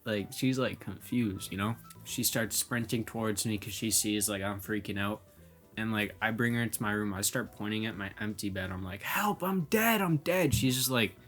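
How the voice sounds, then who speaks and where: A young man with a fairly low voice tells a story to his camera in a loose, casual way. He is animated and fills his talk with "like" as he acts out how he reacted. Soft music plays faintly behind him. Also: moderate pace. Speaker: vlogger telling personal stories.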